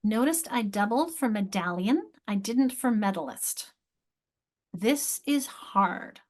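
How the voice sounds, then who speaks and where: A woman instructor teaching other teachers, thinking aloud and sounding out words slowly, repeating each one. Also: mid-range voice, lively intonation, a little mellow. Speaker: literacy instructor.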